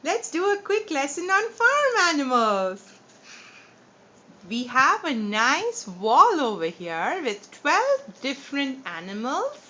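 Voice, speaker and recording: A woman's voice: sits high, bright, forceful tone. Sing-song woman coaxing toddlers. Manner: sing-song, repeats questions, makes animal sounds. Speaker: parent teaching young children. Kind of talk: teaching toddlers at home. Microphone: phone camera. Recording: muffled phone video recording.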